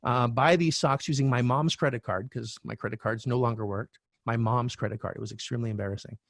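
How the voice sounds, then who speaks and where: A middle-aged man, a real estate coach, telling a candid personal story as a podcast guest, animated and swearing now and then. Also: medium pitch, fast, creaky, dry recording, studio quality. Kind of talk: storytelling interview talk.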